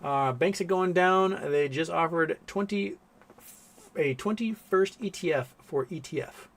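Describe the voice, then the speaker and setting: A man's voice: fairly high pitch, measured pace. Rambling man hosting a livestream. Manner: rambling, reads viewer comments aloud, swears freely; baby-talk coaxing to his pets. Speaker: livestream host. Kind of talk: casual livestream chat.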